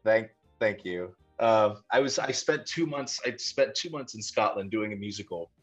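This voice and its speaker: A man's voice: on the low side, expressive, normal speed, fairly bright tone, dull audio, faint music behind. A young man from Ohio, an actor, talking earnestly in a casual interview, rambling with many restarts. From Dover, Ohio, USA. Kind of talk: casual conversation. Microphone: video call.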